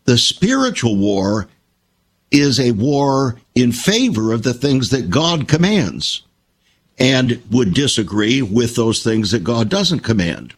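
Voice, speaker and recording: An older man talks in a husky, slightly breathy voice. His pitch rises and falls a lot as he tells his stories. He stresses his points in a measured, emphatic way. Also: big pitch swings. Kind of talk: reflective conversational talk.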